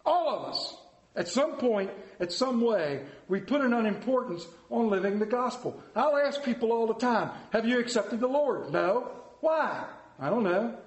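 A man preaching a sermon, telling a folksy story in an animated, storytelling way. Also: very high voice, echoey room. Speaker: pastor.

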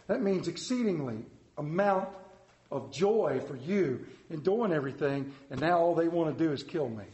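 A man's voice: a little high, expressive, normal speed, darkish tone, echoey room, highs cut off. A man delivering an interactive sermon in a casual, conversational way, asking his listeners questions. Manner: conversational, asks the congregation questions. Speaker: preacher.

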